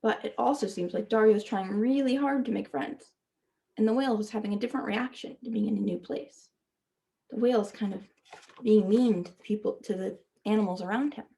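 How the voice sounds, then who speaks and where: A woman teacher reading a children's picture book aloud, stopping to gently ask her young listeners questions. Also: medium pitch, a little fast, creaky, breathy edge. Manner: speaks to children as "friends".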